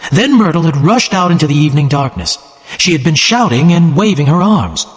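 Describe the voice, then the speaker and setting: Expressive male storyteller with long echo. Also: fairly high pitch, brisk. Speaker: narrator. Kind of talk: scripted story narration.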